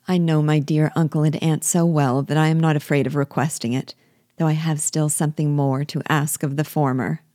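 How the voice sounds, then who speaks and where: A woman reading a classic novel aloud as a book guide, in a measured, clear storytelling manner. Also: low-pitched, dark tone, no echo, studio quality.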